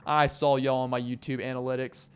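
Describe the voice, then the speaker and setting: A man's voice: medium pitch, little pitch movement, a little fast, clean tone. A young man hosting his own podcast, chatting casually in a rambling, jokey way and laughing often. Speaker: podcast host. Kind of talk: casual solo podcast chat.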